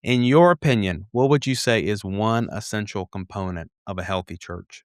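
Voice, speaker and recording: A man with a Southern American accent, co-hosting a podcast and asking calm, measured questions. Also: lowish voice, clear, resonant tone, no room sound, clean studio sound. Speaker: podcast co-host. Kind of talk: casual interview conversation.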